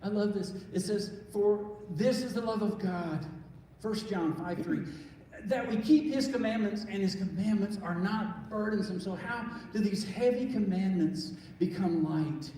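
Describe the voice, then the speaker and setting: A man's voice: high-pitched, a little slow, warm tone, a little hiss or hum. A man preaching a sermon as pastor, earnest and conversational, often restarting his sentences. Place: church sanctuary. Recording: echoey hall from far off.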